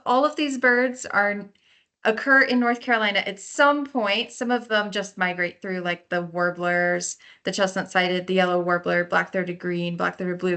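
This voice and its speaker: A woman's voice: medium pitch, pushed and bright. A woman park naturalist giving a lecture on learning birds by their sounds, explaining in a friendly way and sometimes imitating calls. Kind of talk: lecture on birding by ear.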